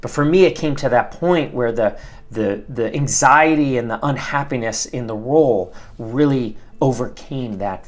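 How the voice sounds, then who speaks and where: A middle-aged man, a former attorney, talking earnestly about leaving his career, with many repeated words and restarts. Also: medium pitch. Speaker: host, former attorney giving career advice. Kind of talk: casual advice talk.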